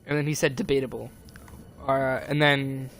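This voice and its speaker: A man's voice: medium pitch, little pitch movement, normal speed, vocal fry, a bit bright, slight background noise. A young man streaming, rambling and agitated as he retells a falling-out, with lots of fillers and restarts. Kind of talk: casual stream chat, retelling a conversation.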